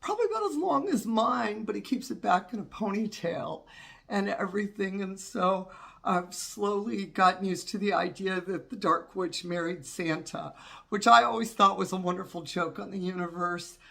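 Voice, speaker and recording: Stuffy-nosed woman in her 50s rambling slowly for her channel, lots of fry in the voice. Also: mid-range voice, fairly bright tone. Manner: rambling, candid and personal. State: congested from a cold. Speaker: witchcraft channel host. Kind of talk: casual vlog talk.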